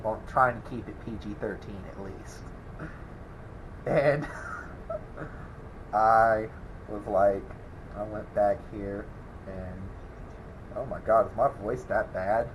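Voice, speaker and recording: A man's voice: fairly low pitch, slow pace, pauses often, slight background noise, low-quality recording. A man, rambling in a casual vlog, chuckling and exasperated as he answers a troll. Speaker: welding channel host. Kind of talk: casual vlog talk to camera.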